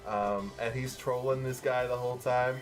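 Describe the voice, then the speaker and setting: A man co-hosting a casual movie review podcast, relaxed and full of fillers, swearing freely. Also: medium pitch, normal speed, soft background music. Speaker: podcast co-host.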